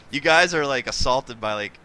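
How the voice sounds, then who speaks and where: A man's voice: mid-range voice, lively intonation, a little slow, bright, forceful tone, smooth. A man running a tabletop game as game master, loose and joking, laughing often.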